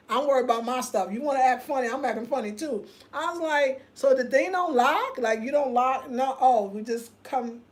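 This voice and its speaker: A woman, hosting a casual livestream rant, telling an animated story straight to her viewers and reading their comments aloud. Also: high-pitched. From United States. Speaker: host.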